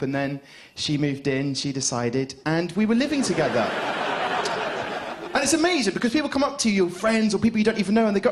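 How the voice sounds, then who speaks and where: A man's voice: high-pitched, animated, quick pace. Rambling young man doing stand-up. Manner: rambling, hesitant, lots of ums and restarts. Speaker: stand-up comedian. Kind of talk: stand-up comedy set. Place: comedy club stage.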